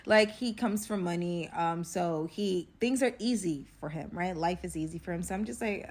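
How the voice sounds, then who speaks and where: Animated young woman telling a story. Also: mid-range voice, moderate pace, slightly rough. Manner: rambling, filler-heavy, animated. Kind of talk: casual storytime vlog.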